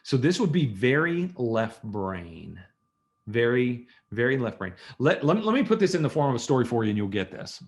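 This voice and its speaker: A man's voice: mid-range voice, very animated, normal speed. Man teaching listening skills on a video call. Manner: conversational, storytelling, acts out dialogues. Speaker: communication skills trainer. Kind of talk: online training talk.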